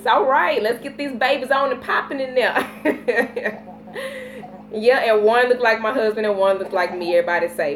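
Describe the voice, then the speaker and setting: A woman in her thirties with a Southern US accent, chatting casually on a live vlog, telling stories with lively baby talk. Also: fairly high pitch, moderate pace, a little hiss or hum. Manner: animated storytelling with playful baby talk. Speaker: vlogger.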